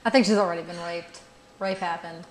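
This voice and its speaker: A woman's voice: lowish voice, steady tone, a little fast. A young woman playing a horror game for the first time, reacting bluntly and crudely. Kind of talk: casual gaming commentary. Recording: roomy room with faint noise.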